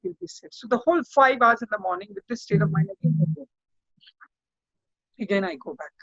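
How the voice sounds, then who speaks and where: Man, lawyer guest, impassioned and repetitive, high voice, dull lo-fi sound. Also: lively intonation, fairly quick, fairly bright tone, no room sound. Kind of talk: interview.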